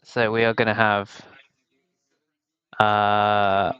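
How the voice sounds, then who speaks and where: A man's voice: fairly low pitch, completely flat delivery, drawn-out words, fairly bright tone, clean tone, dry recording, dull audio. A young man from the UK on a headset mic, casually commentating a game tournament alone, rambling and poking fun at himself. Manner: rambling, self-mocking, chatty.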